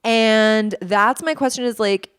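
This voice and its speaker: A woman's voice: fairly high pitch, slow, a bit bright, clean tone, no echo, studio quality. Woman in her thirties, rambling chat. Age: 30s. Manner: rambling, many fillers and restarts. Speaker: podcast co-host. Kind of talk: casual chat.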